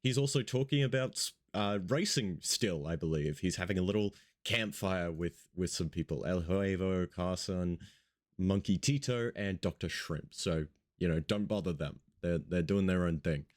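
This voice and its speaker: A man hosts an online radio show in a loose, rambling way, dropping casual swears between news items. He sounds like he just woke up. His voice sits a bit low. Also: moderate pace.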